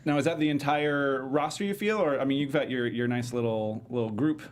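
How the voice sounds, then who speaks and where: Show host, man, mid-pitched, easygoing questioning. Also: a little fast, slight background noise. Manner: curious, asks relaxed follow-up questions. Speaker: podcast host. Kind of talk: casual interview chat.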